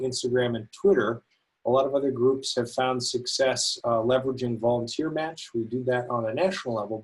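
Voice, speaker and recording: A man with a slightly husky, mid-pitched voice co-presents a webinar. He is enthusiastic and keeps an easy, conversational flow, dropping in frequent uhs. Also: darkish tone, low-quality recording. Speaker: volunteer education coordinator.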